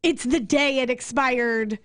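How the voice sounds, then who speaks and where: High-voiced woman venting angrily. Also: steady tone, a bit bright, dry recording, studio quality. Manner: angry venting, swearing, rapid rants. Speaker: radio co-host. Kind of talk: casual chat.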